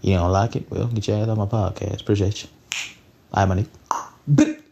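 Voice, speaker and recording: Gravelly, blunt young podcast host. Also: male voice, fairly low pitch, fairly even intonation, brisk, warm tone, dull audio, a little hiss or hum. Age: young adult. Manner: blunt, profane, repeats lines for emphasis. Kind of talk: casual solo podcast rant.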